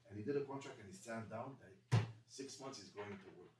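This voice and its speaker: Rabbi storyteller: fast, broken English, distant, echoey room, faint room noise. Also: male voice, lowish voice. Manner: quick, animated, broken English. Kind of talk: storytelling talk to a congregation.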